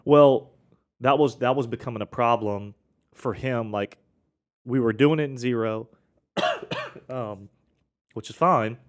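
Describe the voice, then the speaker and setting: A man's voice: mid-range voice, sing-song, slow pace, pauses often. Chatty male accountant telling client stories. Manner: rambling, self-correcting, with frequent restarts. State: coughing now and then. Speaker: accountant and podcast host. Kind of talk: casual conversational podcast.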